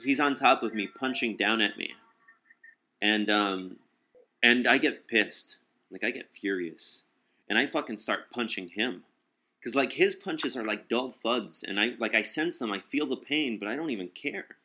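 A young man telling a story in casual talk, animated, acting out what people said and swearing freely. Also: medium pitch, measured pace.

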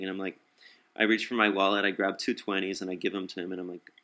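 A young man telling a personal story in casual talk, blunt and profane, often halting and restarting. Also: low voice, flat delivery, sharp tone. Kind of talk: casual spoken anecdote.

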